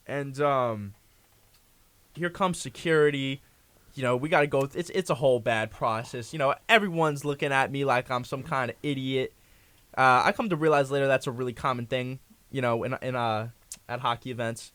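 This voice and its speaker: A man's voice: medium pitch, moderate pace, a bit bright, clean tone, no echo. Rambling young man telling a story. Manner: rambling anecdote full of fillers and restarts. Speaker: guest. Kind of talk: casual storytelling on a talk show.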